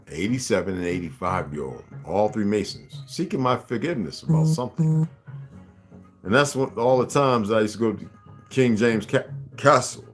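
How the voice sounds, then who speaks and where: An older man from the United States hosting a livestream, rambling and halting, often repeating words as he fiddles with his device. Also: low voice. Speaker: livestream host. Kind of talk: casual livestream talk.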